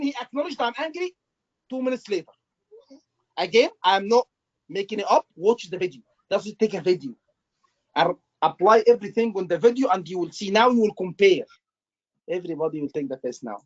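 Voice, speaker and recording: A man teaching an exam class live, animated and repetitive, acting out doctor lines for his students. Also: very high-pitched. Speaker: exam tutor. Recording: muffled lo-fi class recording.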